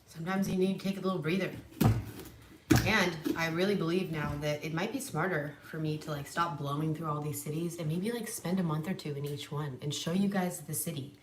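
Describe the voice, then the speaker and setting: Low-voiced, profane woman vlogger. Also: steady tone, brisk. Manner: blunt and profane, cooing to her dogs. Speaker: livestream vlogger. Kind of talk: casual livestream chat. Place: home, in a room. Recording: echoey room, mic at a distance, noisy.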